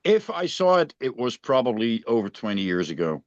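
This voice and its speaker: A man's voice: mid-range voice, big pitch swings, a little fast, dry recording. Dutch guy cohosting a podcast, chill, muffled lo-fi audio, dry. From Netherlands. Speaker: podcast co-host. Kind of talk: casual chat. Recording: dull dry lo-fi sound.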